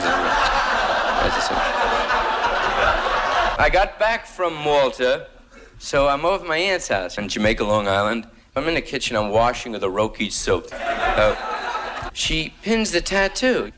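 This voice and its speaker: A man's voice: mid-range voice, a bit bright. A man with a New York accent telling a comic monologue in a laid-back hipster drawl full of slang. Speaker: stand-up comedian.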